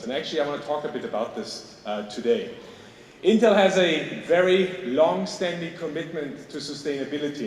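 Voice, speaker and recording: A man speaks English with a German accent, delivering a keynote in a loose, conversational way and punctuating his points with "okay?". His mid-pitched voice rings through a large, reverberant hall, picked up from some distance with a faint hiss behind. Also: a little mellow. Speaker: keynote speaker at a tech industry event. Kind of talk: conference keynote speech. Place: large conference hall on stage. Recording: echoey hall, distant mic, faint noise.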